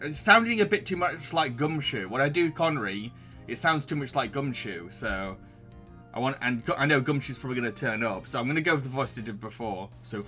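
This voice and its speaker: A man's voice: mid-range voice, lively intonation, normal speed, sharp tone, soft background music. A man with a Yorkshire accent chatting casually as a let's play gamer, self-deprecating and laughing often. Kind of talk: casual commentary while voicing a game.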